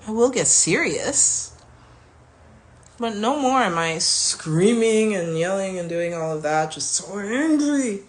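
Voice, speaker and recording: A woman around forty, talking candidly and warmly about her self-healing in a casual vlog, sometimes dropping to a soft whisper. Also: mid-range voice, expressive, slow pace. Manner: chatty, candid, self-affirming. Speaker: vlogger.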